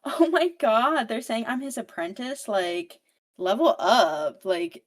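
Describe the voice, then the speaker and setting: A woman's voice: medium pitch, expressive, moderate pace, close to an everyday voice. A woman voicing a giddy, tipsy young heroine in a bubbly, sing-song way. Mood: proud.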